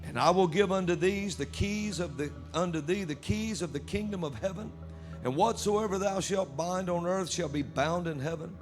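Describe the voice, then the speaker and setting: A man preaching a sermon at a church service, reading scripture aloud with animated delivery. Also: sits high, normal speed, music in the background.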